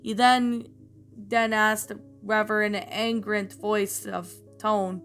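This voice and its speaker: A woman's voice: medium pitch, level tone, slow pace, fairly bright tone, clean tone, faint music behind. A woman narrator reading a fan story aloud, often stumbling and restarting words.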